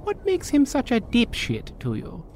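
Man, tabletop player, earnest, polite, animated pitch, faint noise. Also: a little slow. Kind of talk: in-character tabletop play.

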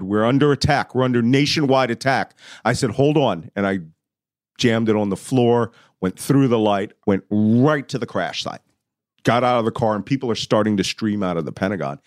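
Low-voiced middle-aged man telling a story. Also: moderate pace, dry recording, clean studio sound. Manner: vivid, acts out his own past lines, loudly at times. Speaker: podcast guest. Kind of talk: conversational storytelling.

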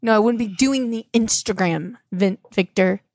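Young woman host, gravelly voice, dry close sound, indignant comic banter. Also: medium pitch, normal speed, darkish tone, no room sound. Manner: indignant, laughing, says "like" a lot. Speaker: podcast host. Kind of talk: comedic podcast banter.

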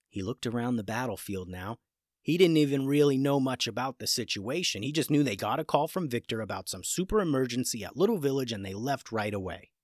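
Lively storyteller reading to children. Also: medium pitch, dry recording, clean studio sound. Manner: lively, expressive read-aloud. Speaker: podcast storyteller.

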